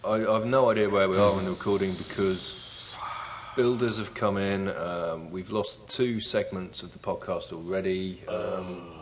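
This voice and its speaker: A man's voice: low-pitched, fairly even intonation, measured pace. A man co-hosting a comedy podcast, talking casually with a dry, wry delivery. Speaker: podcast co-host.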